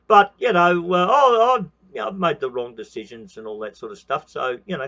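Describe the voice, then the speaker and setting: An Australian man in his sixties rants straight at the viewer, swearing and hammering the same phrases again and again. His voice sits a little high for a man. The recording is dull and lo-fi, with a muffled top end. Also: very animated, normal speed, few pauses, a bit bright. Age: 60s. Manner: heated, profane, repeats phrases, says mate often. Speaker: channel host. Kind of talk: ranting monologue.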